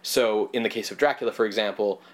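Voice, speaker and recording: A man's voice: on the low side, fast talker. A man co-hosting a podcast, chatting casually and at length about films, rambling and swearing now and then. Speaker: podcast co-host. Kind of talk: casual film discussion.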